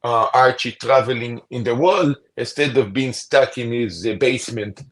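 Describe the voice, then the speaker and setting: A man chatting on a livestream, speaking haltingly with frequent restarts and searching for words. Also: medium pitch. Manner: halting, restarts, non-native phrasing. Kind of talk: casual livestream chat.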